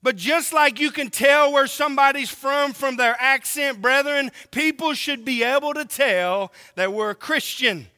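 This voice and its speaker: A man's voice: extremely high pitch, a little slow, few pauses, bright, forceful tone, big-room sound. A man from Oklahoma preaching a sermon, emphatic and drawn out, asking the congregation rhetorical questions.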